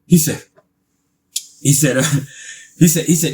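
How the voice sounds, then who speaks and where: A man, telling a casual storytime, animated, laughing often and swearing freely. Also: on the high side, slow pace.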